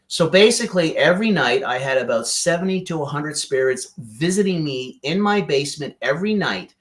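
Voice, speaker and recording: Animated man telling a story. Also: fairly high pitch, normal speed. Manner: animated, repeatedly addresses the host by name. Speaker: podcast guest. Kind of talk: emotional storytelling.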